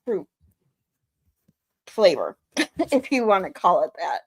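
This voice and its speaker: A woman's voice: mid-range voice, breathy edge, dry recording. A woman hosting a casual commentary channel, giggling and swearing freely as she talks. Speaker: channel host reacting to trial footage.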